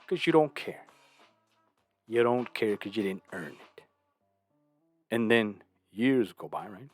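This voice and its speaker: A man's voice: fairly low pitch, expressive, slow pace, pauses often, soft background music. A man hosting a casual monologue, preaching his views and asking "right?" again and again, sometimes acting out other people. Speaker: host.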